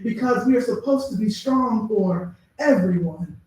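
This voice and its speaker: A woman poet giving a measured, deliberate spoken-word reading with pauses at a live bookstore event. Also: fairly high pitch, a little mellow, distant mic. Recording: very echoey room, heard from afar.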